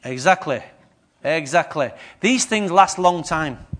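A man's voice: on the high side, animated, takes it slowly, a bit bright. A man preaching a sermon, questioning his congregation as he goes.

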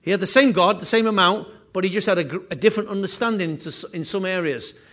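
High-voiced man preaching a sermon. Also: fast talker, a bit bright. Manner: earnest preaching with repeated phrases and restarts. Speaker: pastor.

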